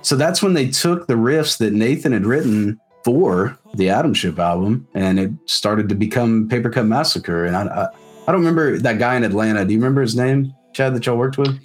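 A man's voice: medium pitch, lively intonation, fairly quick, slightly rough, faint music behind. A man from the South, a musician telling stories in casual chat, rambling and full of fillers. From South Mississippi. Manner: rambling, many "like" fillers, swears freely. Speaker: musician guest.

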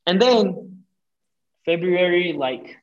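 A young man, a podcast guest, telling a breakup story in casual chat, animated and full of swearing, acting out what people said. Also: high voice, takes it slowly, muffled recording. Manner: animated, profane, acts out quoted lines.

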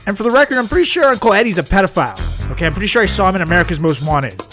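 A man hosting a comedy podcast, scolding and exasperated, with sudden shrill outbursts. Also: lively intonation, very fast, a bit bright, faint music behind. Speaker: podcast host. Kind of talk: mock interview comedy.

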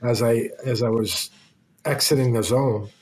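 A man's voice: medium pitch, steady tone, measured pace, darkish tone. A middle-aged man, a retired hockey player as a podcast guest, telling casual rambling anecdotes full of restarts. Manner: rambling anecdotes with many restarts and quoted voices. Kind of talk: casual storytelling.

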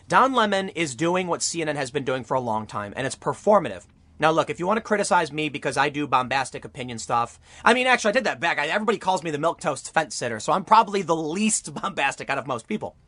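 A man's voice: a little high, animated, quick pace, sharp tone, no echo. A young man delivering an argumentative opinion monologue as a political commentary YouTuber, full of rhetorical questions.

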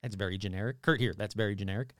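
A man's voice: on the low side, very fast, dry recording, clean studio sound. A man hosting a paranormal show, reading AI-written scripts aloud and commenting wryly as he goes. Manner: wry, self-interrupting, amused.

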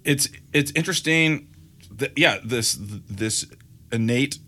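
A man in his thirties co-hosting a podcast, telling animated stories and acting out what others said. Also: mid-range voice, slow pace. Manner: animated storyteller, acts out quotes. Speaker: podcast co-host. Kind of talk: casual chat.

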